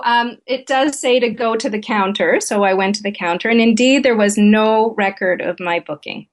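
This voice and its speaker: Brief: middle-aged woman, therapist guest, easy conversational storyteller, medium pitch. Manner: candid, conversational anecdote telling. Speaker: guest relationship therapist and author. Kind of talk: interview storytelling.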